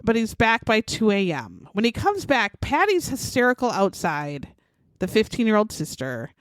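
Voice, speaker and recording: Female podcast host, true crime storyteller, animated and profane, dry close-miked sound. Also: mid-range voice, normal speed, no room sound. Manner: animated, acts out quotes, swears freely.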